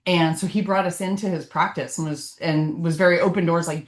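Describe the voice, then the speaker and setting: A woman's voice: lowish voice, fairly even intonation, fairly quick, hardly any pauses. A woman, a physician, giving a casual continuing-education lecture in an earnest, heartfelt way. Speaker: physician presenter. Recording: echoey room.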